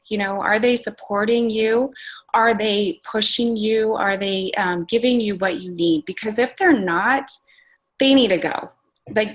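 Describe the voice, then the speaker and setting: This woman coaches a group on a conference call, giving a relaxed motivational talk about her fitness takeaways. She speaks in a mid-range voice, earnest and informal with lots of "like" and "you guys", over a rough recording with slight background noise.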